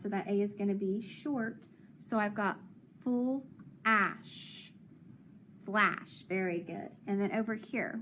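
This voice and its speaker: A woman teaching a phonics lesson to young children, patient and encouraging, sounding out letters and words slowly. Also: mid-range voice, a little hiss or hum.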